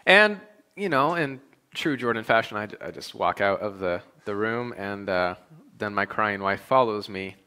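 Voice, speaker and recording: A young adult man, a pastor, preaching a sermon in a relaxed, conversational storytelling way. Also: fairly low pitch, moderate pace, smooth. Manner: conversational storytelling, animated when quoting himself.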